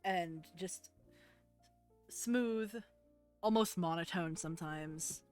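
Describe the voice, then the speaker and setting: A woman narrating as game master, relaxed and often laughing. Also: fairly low pitch, slow, soft background music.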